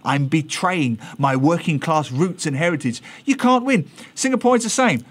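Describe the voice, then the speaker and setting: An English man, a columnist guest on a radio interview, talking in an animated, satirical way. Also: on the high side, moderate pace. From England. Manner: animated, satirical, mimics voices.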